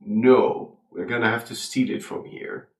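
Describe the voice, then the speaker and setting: A man playing a tabletop game, talking hesitantly with many pauses and ums. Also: lowish voice, darkish tone. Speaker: player. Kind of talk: tabletop role-play. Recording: echoey room, far from mic.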